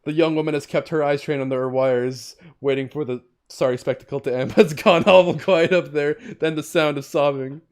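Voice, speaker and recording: A man's voice: fairly high pitch, fairly quick, few pauses, smooth. A man streaming a video game, reading its text aloud and acting out lines dramatically between casual remarks. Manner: animated, reads game text in dramatic voices. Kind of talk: gameplay commentary, reading aloud.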